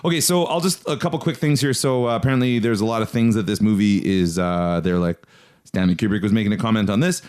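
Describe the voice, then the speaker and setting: A man's voice: lowish voice, fast, darkish tone. A man co-hosting a casual movie commentary, joking around and putting on silly voices. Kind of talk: casual comedic chat.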